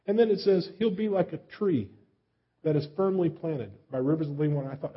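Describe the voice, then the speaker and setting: Folksy, husky-voiced male preacher. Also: on the high side, animated, fairly quick. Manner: folksy and self-deprecating, asks many questions. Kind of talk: sermon. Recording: slightly dull, lo-fi recording.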